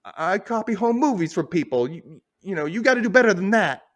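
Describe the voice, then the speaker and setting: A man's voice: sits high, very animated, a little fast, voice pushed up. A man voicing a cornered male store owner who talks in old movie gangster slang. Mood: defiant.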